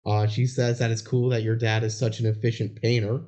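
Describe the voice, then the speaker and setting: A man's voice: mid-range voice, level tone, a little fast, mellow. A young man co-hosting a podcast, trading dry jokes in casual chat. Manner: dry, joking banter. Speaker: podcast co-host. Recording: dull lo-fi podcast audio.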